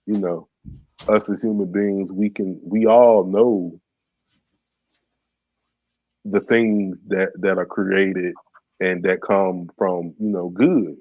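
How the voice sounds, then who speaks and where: A man's voice: low-pitched, steady tone, takes it slowly, pauses often, a little mellow, no room sound, muffled recording. A man co-hosting a podcast, talking in a reflective, rambling way with many fillers. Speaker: podcast co-host. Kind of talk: casual conversation.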